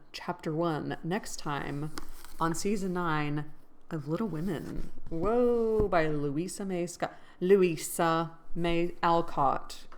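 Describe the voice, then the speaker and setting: With slight background noise, a woman with a lowish voice chats in a casual book vlog, thinking aloud, doubting herself, and joking about herself playfully and self-deprecatingly.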